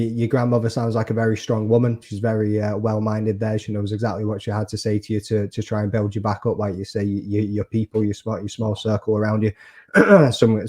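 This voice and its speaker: Chatty man host, mellow voice. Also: fairly low pitch. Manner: chatty, encouraging, says "mate". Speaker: podcast host, interviewer. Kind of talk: casual interview questions.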